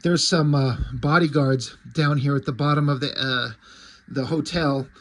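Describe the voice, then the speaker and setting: A man's voice: fairly high pitch, fairly even intonation, moderate pace. A man reviewing a comic book in casual chat, rambling, joking and swearing.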